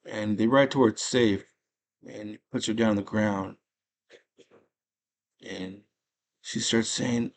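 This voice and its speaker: A man's voice: lowish voice, fairly even intonation, takes it slowly, pauses often. A man casually recapping a movie in slangy, enthusiastic storytelling. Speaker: movie channel host.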